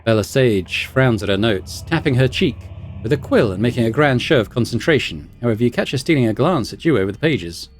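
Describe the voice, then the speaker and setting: A man's voice: mid-range voice, animated, brisk, faint music behind. A man hosting a let's play, reading the game's text aloud with wry asides and some hesitations. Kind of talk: reading game text and commenting.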